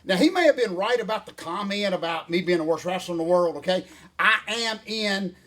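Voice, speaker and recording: An older man, ranting in a folksy, animated way as co-host of a casual chat. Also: sits high, a little fast. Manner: folksy, animated rant with Southern phrasing.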